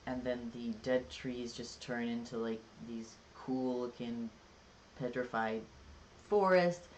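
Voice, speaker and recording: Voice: mid-range voice, fairly even intonation, takes it slowly, a little hiss or hum. A live-streamer in casual chat, rambling and jokey, with lots of filler words. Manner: rambling and chatty, many "like"s and "um"s. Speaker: livestreamer.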